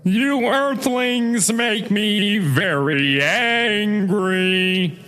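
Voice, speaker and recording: Marvin the Martian, as a streamer does him. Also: male voice, sits high, drawn-out words, pushed and bright, faint music behind, pitched below the performer's own voice, exaggerated voice. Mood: prissy. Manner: clipped, prissy, precise diction. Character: prim, fussy little Martian man. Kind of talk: live-stream impression.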